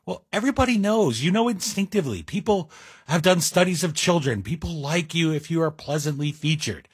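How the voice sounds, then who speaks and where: A man's voice: on the high side, expressive, a little fast, breathy edge, dry recording, clean studio sound. A middle-aged man guest hosting a talk radio show, speaking in a wry, self-deprecating monologue with asides. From Greek heritage. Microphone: studio mic.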